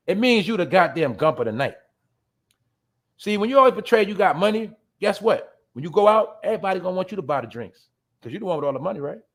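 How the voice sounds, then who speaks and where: Male host with a high voice, brash and profane commentary style. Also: very animated, fairly quick, long pauses, a bit bright. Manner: profane, blunt, addresses listeners as y'all; laughs at his own jabs. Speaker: show host. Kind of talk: ranting commentary.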